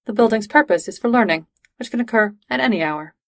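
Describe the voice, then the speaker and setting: A woman voicing a literal-minded young male alien who speaks flatly and matter-of-factly. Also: fairly high pitch, fast, no echo, studio quality.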